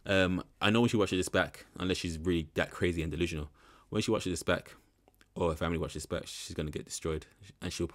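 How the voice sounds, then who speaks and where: A man's voice: deep voice, fairly even intonation, quick pace, few pauses. A young man giving rambling, frank commentary in a casual reaction video. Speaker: reaction channel host.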